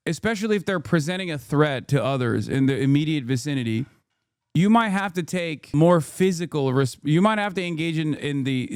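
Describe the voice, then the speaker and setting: Heated, profane streamer ranting. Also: male voice, a little high, clean tone, dry recording, clean studio sound. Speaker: livestream commentator. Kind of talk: live reaction commentary.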